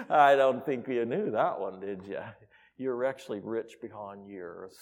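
A man preaching a sermon in a church, swinging from quiet asides to loud exclamations. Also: mid-range voice, normal speed. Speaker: pastor. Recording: reverberant hall.

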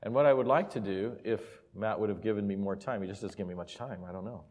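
A man preaching a sermon and telling a personal story, moving from quiet, intimate asides to loud, emphatic peaks. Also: lowish voice, fast talker. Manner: emotional, builds from soft asides to loud emphasis. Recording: reverberant hall.

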